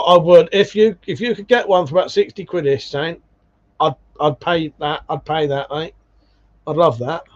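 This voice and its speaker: A man hosts a livestream, chatting casually as he reads viewer comments and drops swear words. He calls people mate along the way. His voice sits a little high, and the stream audio is dull and lo-fi. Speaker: livestream host.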